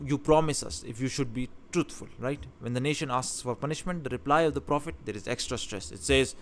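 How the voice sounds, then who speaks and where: A man's voice: on the high side, a little fast, hardly any pauses, fairly bright tone. A man teaching about scripture in a talk, stressing key words with emphasis and often restarting his phrases. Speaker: religious teacher.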